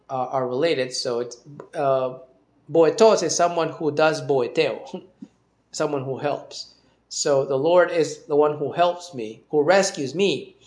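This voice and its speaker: Male Bible teacher, slightly higher voice, halting delivery full of ums and restarts. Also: a little mellow. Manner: hesitant, many fillers and restarts. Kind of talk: informal Bible study talk.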